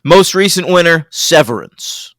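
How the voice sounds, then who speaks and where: A man co-hosting a film podcast in casual, animated chat with a lot of swearing. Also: on the high side, measured pace, dry recording, studio quality. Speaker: podcast co-host.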